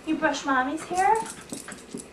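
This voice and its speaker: A woman's voice: high-pitched, animated, unhurried, reverberant, background noise. A mother filming her toddler at home on a camcorder, coaxing her with playful, sing-song prompts she repeats. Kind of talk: home video chat with a toddler. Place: family home, indoors. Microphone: camcorder microphone.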